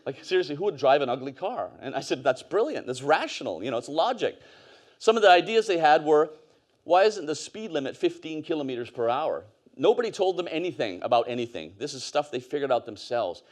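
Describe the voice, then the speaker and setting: Man, 40s, relaxed storytelling conference speaker. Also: a little high, a little fast. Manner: conversational, storytelling, with fillers and laughs. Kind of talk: conference talk. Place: conference stage.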